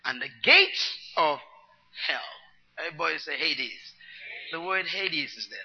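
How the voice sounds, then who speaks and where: A man preaching a sermon, teaching his congregation, going from quiet muttered asides to loud, driving declarations. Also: a little high, lively intonation, measured pace. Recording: dull long-reverb hall sound.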